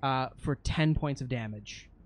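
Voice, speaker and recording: A man's voice: mid-range voice, unhurried. A man narrating as game master of a tabletop role-playing game, describing combat in a casual way.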